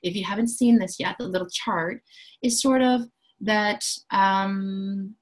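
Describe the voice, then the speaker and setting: Speaking slowly in a mid-range voice, a woman who founded a coaching school walks listeners through her programs. The promotional explainer, from an empowerment coach who sounds enthusiastic, confident and chatty, is roughly recorded.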